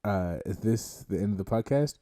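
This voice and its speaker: A young-sounding male podcast host who rambles through his thoughts with lots of giggles and swearing. His pitch bounces all over the place as he talks. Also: expressive, moderate pace, mellow. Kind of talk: casual podcast chat.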